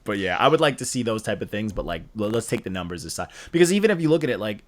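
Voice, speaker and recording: Dude on a music podcast, voice bouncing all over, laughs a lot, cusses. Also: male voice, lowish voice, racing, a crowd in the background. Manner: animated, laughs often, swears freely. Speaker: podcast co-host. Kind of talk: casual music review chat.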